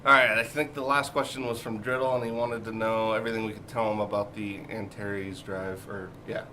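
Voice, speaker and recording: Shop co-host: easygoing man with a bright, forward tone, talking gear over faint noise. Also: on the low side, level tone, fairly quick. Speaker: co-host of a music shop Q&A show. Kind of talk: casual chat. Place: music shop.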